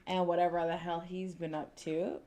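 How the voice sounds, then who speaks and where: A woman's voice: lowish voice, little pitch movement, normal speed, warm tone. Tipsy woman co-hosting a live stream. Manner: chatty, drops to whispers, slurs words a little. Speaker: co-host of a true crime live stream. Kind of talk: casual live-stream chat reading comments.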